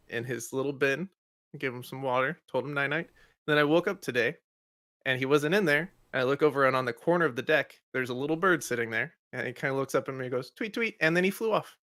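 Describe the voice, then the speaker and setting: A middle-aged man hosts a morning show and tells a casual story from home in a chatty way, often laughing as he goes. His voice is bright and forward, recorded dry and close. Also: mid-range voice, no room sound. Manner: chatty, laughs while telling stories.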